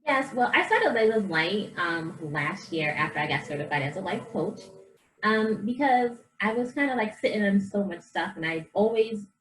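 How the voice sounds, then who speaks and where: On a rough recording, a woman speaks with medium pitch at a moderate pace. She's a life coach visiting a casual interview, animatedly and sincerely relating her history and faith and acting out the things people said.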